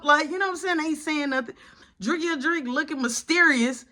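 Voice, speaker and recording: A man telling a casual storytime in an animated, slangy, dramatic style. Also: extremely high pitch, fairly quick.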